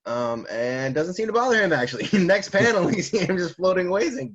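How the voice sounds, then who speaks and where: A man co-hosting a casual chat, animated, laughing often and swearing casually. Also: sits high, a little fast, few pauses, highs cut off. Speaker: co-host.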